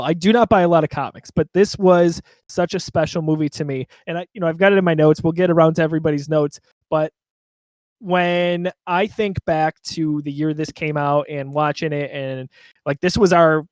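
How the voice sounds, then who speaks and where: A man's voice: a little high, a little mellow, no room sound. A man co-hosting a casual podcast from home, talking in a rambling, chatty way with many fillers. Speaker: podcast co-host.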